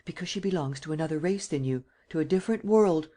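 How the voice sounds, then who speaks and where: A frightened old woman begging to be left in peace, her voice raised high and trembling with worry, as a male audiobook reader puts her on. She implores and scolds by turns in a storybook reading. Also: fast, warm tone, lightly acted. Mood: pleading. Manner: tearful, imploring. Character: anxious, pleading old woman guardian.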